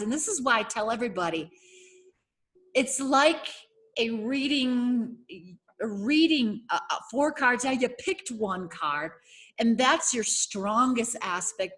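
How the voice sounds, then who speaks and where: Slow-talking woman reading oracle cards. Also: a little high. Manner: slow, searching, with many fillers and restarts. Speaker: oracle card reader and heart coach. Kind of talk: casual spiritual card reading. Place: home setting.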